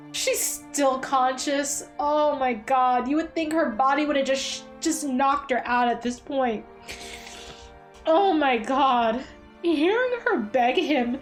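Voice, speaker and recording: A woman hosting a reaction video, talking bluntly to the screen with frequent exclamations and swearing. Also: high-pitched. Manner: blunt, swears freely, talks straight to the screen; emotional, exclaims and gasps often. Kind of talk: casual reaction commentary.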